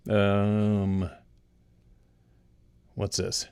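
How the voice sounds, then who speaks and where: A man hosts a show where he reads listener stories, rambling through odd personal tales and chuckling as he talks to his audience. His voice is fairly low, at a moderate pace with frequent pauses.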